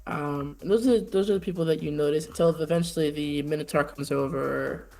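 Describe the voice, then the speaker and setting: A woman's voice: low voice, a little fast, gravelly, darkish tone, soft background music. A woman narrating as game master for a tabletop game, hesitant with many fillers.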